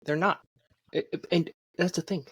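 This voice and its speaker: A man's voice: high-pitched, fairly even intonation, normal speed, a bit bright, slightly rough. A man co-hosting a casual sports podcast, rambling as he makes his points. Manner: rambling, many fillers and restarts while making points. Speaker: podcast co-host.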